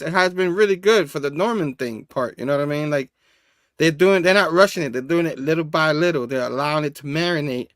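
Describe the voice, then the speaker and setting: A man co-hosting a comic review show, relaxed and chuckling, with many fillers, over a video call. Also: a little high, no echo, clean studio sound. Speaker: comic book show co-host. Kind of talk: casual review chat.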